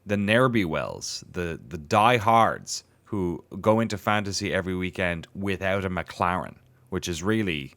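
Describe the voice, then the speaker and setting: A man with a lowish voice co-hosts a casual motorsport podcast. He muses aloud in a rambling way, with restarts and dry asides, and also reads out items from the sport's past. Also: animated, a little slow, a bit bright. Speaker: podcast co-host.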